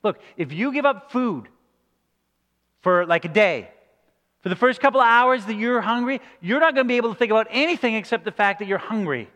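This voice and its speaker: High-voiced male preacher in a reverberant hall. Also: expressive, brisk, bright, forceful tone. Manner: conversational, acts out quoted reactions. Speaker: pastor. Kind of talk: sermon.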